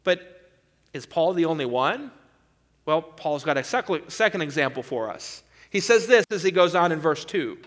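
A man's voice: a little high, very animated, normal speed. A man preaching a sermon, earnestly and emphatically walking his listeners through a passage of scripture.

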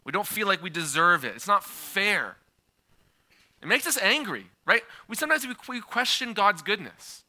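A man in his thirties delivers a sermon in a lively, conversational manner, weaving in personal stories. His voice sits a bit high and has a very bright, sharp edge. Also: moderate pace. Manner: conversational, animated, with frequent filler and restarts. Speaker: preacher.

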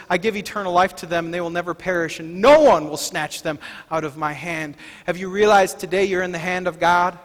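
A man preaching a sermon, moving between quiet, low passages and loud, declaring ones. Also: big-room sound. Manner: swings from soft and low to loud, shouting declarations. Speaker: pastor.

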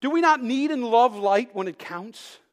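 Preaching at an extremely high pitch and normal speed, a pastor tells a personal story in lively fashion. He alternates loud outbursts with quiet moments and occasionally restarts a word.

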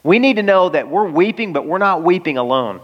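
A man's voice: sits high, expressive, fairly quick, muffled recording. A male pastor preaching a sermon in an earnest, emphatic way, asking the listeners rhetorical questions. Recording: long reverb of a large hall.

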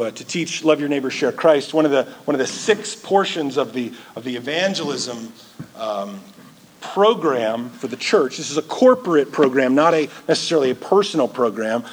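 A man's voice: mid-range voice, lively intonation, normal speed, a little hiss or hum. A male pastor preaching a sermon in a church, earnest and repeating words as he builds his points.

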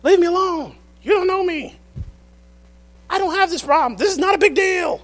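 A preacher acting out a proud, angry army commander who rants loudly and indignantly. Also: male voice, extremely high pitch, normal speed, voice pushed up. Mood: defiant. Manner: loud, indignant ranting.

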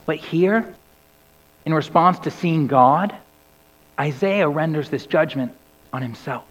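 A man preaching a sermon. His delivery sinks low and soft on key words and climbs to loud cries when he quotes scripture. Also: animated, takes it slowly. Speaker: pastor. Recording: dull recording with long hall reverb.

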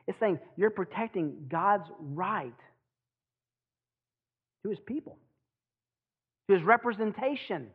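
A man preaching a sermon as pastor, teaching with lively rhetorical questions and restarts. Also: high voice, takes it slowly, pauses often, slightly rough. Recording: tinny phone-like sound.

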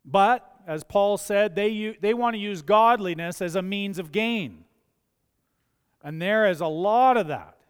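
A man preaches from the pulpit, talking in a chatty way and leaning into his key points. His voice sits high and is clear and smooth. The church livestream carries a long, ringing hall reverb. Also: measured pace. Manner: conversational, anecdotal preaching with rising emphasis. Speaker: pastor. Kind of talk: sermon. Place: church sanctuary.

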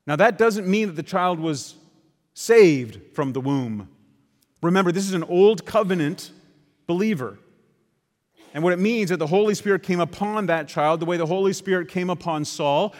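Male preacher, slightly high voice, emphatic sermon delivery with casual asides, long hall reverb. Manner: emphatic, with conversational asides to the congregation.

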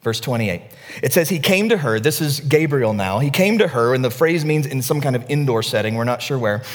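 A middle-aged male pastor preaching a sermon, telling stories with energy, dropping to a hush and then rising to near shouts. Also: mid-range voice, a little fast, long reverb tail. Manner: storytelling, animated, swings from hushed to near-shouting.

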